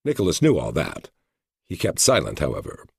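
Deep, gravelly male narrator. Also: huge pitch swings, dry recording. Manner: measured, storytelling. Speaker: audiobook narrator. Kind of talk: scripted narration.

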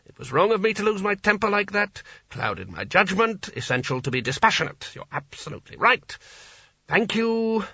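A man's voice: high-pitched, moderate pace, vocal fry, slightly rough, no room sound, highs cut off, pitched above the performer's own voice, exaggerated voice. A man doing Sconner, a snarling enraged wizard. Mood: seething calm. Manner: snarling, forced calm over rage. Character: furious, pompous male wizard, short-tempered.

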